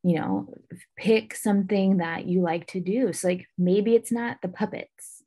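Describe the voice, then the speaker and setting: A woman's voice: mid-range voice, unhurried, dark tone, breathy edge. A pregnant woman co-hosting a parenting podcast in a chatty manner, a bit winded, with many fillers. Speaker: podcast co-host. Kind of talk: casual chat on parenting.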